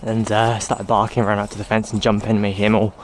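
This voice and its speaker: A man with a lowish, monotone voice talks briskly while walking his dog by the roadside. As a vlogger, he rambles casually to a handheld camera and coaxes the dog along. Outdoor noise and the dog fill the noisy recording.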